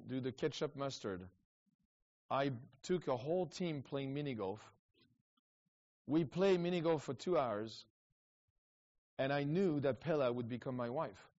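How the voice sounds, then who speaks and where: The recording is a touch muffled and dull as a middle-aged evangelist guest, originally a French speaker, tells casual stories. He's animated and rambling, full of restarts and quick side remarks, and his pitch falls in the middle of the male range.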